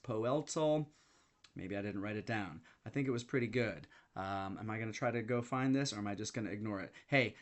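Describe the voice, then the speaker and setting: A man giving a casual, chatty breakdown of a fantasy basketball draft, thinking aloud and poking fun at himself as he checks his notes. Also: medium pitch. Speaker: fantasy basketball league commissioner. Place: in London.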